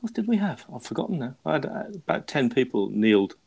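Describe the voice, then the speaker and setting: A man's voice: medium pitch, big pitch swings, quick pace, gravelly, a little mellow, slight background noise. A man hosting a podcast, telling a story in a rambling, self-mocking way with lots of restarts. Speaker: podcast host. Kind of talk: casual chat.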